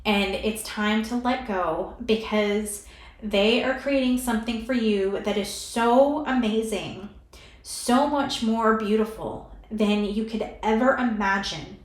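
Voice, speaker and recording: A woman giving a pick-a-card tarot reading in a soft, soothing way, emotional and close to tears as she talks straight to the viewer. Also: mid-range voice, echoey room.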